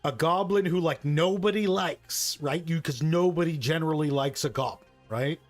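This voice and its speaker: A man chatting casually and excitedly about tabletop gaming, swearing, laughing and tossing in "bro" and "right". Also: on the high side, normal speed, soft background music.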